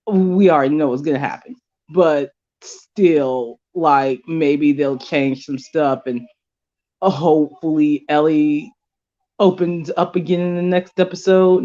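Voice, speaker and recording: A podcast co-host talking through an episode in a slow, emotional, reflective way. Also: medium pitch, mellow. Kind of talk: casual review chat. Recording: dull lo-fi sound.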